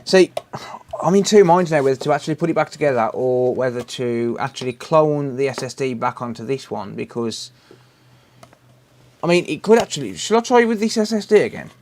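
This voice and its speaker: A man's voice: medium pitch, animated, fairly quick, darkish tone. British man, livestream repair host, easygoing running chatter, calls people mate, talks while working. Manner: chatty, answers viewer messages while working, says "mate" often. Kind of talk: casual live stream chat.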